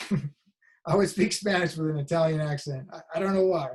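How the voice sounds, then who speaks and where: A man's voice: fairly high pitch, normal speed, a little mellow. A man teaching a college class over a video call, talking casually with many restarts and fillers. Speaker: college instructor. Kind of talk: casual online class talk.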